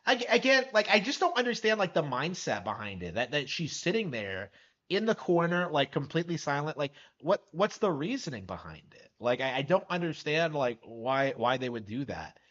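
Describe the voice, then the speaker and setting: Guy streaming a reaction, lively up and down voice, kinda muffled lo-fi sound, talks around in circles. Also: fairly high pitch, moderate pace. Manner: skeptical, incredulous, rambling with many "like" fillers. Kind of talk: live stream reaction commentary.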